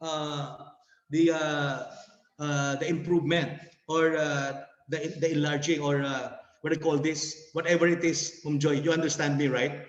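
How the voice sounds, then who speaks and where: A man's voice: fairly high pitch, flat delivery, measured pace. Filipino man, sales presenter, nervous laughs and restarts; dull, reverberant video-call sound.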